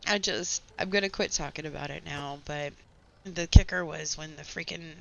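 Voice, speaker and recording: A woman, hoarse with her voice nearly gone, chatting and venting sarcastically while playing a game. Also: low voice, normal speed. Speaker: gaming channel host. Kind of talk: casual gameplay chat with storytelling. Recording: slightly dull home recording with faint background noise.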